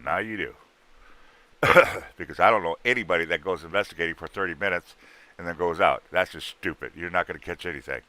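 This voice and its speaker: A man hosting a livestream, bluntly pitching ghost hunting gear in rough, casual sales patter. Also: quick pace, sharp tone, no echo. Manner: rough-spoken, blunt, salesman patter with sound-effect noises.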